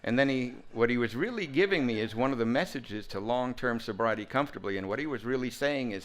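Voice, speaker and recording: Man in his fifties, storytelling speech, animated, humorous, mid-pitched voice. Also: fast, hardly any pauses. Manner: animated, humorous, full of sound effects. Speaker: recovery talk speaker.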